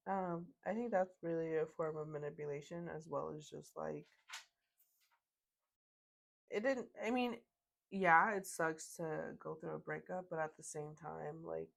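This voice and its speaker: A woman's voice: low voice, measured pace, creaky. A woman hosting a podcast, casually reading out online stories and chatting about them, with fillers. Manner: conversational, reads posts aloud with laughs and fillers. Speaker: podcast host.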